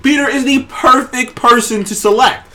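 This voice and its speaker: A man hosting a casual trailer review show, talking in an excited, rambling way and swearing freely. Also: very high voice, moderate pace. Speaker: show host.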